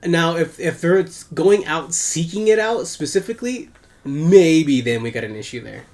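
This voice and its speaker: A man's voice: on the high side, lively intonation, moderate pace, darkish tone. A man co-hosting a podcast in casual chat, talking in a laid-back, hesitant way with trailing phrases. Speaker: podcast co-host.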